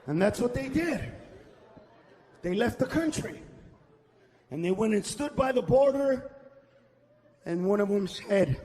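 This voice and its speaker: High-pitched shouting stand-up comic. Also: male voice, expressive, unhurried, long pauses. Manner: loud, shouting punchlines, acts out characters. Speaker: stand-up comedian. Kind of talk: stand-up comedy routine. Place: comedy stage.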